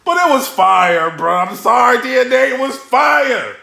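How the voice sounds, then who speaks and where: A young man reacts to a rap battle at full volume, shouting and repeating himself. His voice is very high, bright and gravelly. He records in a room with a lot of echo. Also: lively intonation, measured pace. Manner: hyped, yelling and repeating himself. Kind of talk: excitable reaction commentary. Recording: echoey room.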